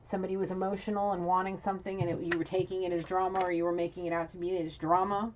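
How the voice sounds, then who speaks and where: A woman's voice: lowish voice, little pitch movement, racing. A woman from New City, giving a frank, scolding intuitive reading straight to an absent person. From New York City. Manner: blunt, scolding and frank, with frequent restarts. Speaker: intuitive reader. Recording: dull lo-fi audio with faint noise.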